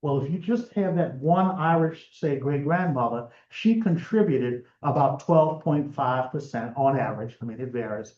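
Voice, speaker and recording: A man's voice: mid-range voice, moderate pace, hardly any pauses, darkish tone. Man lecturing in a roomy, muffled room. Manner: conversational, explanatory, with frequent fillers and restarts. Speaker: genealogy presenter. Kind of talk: lecture presentation.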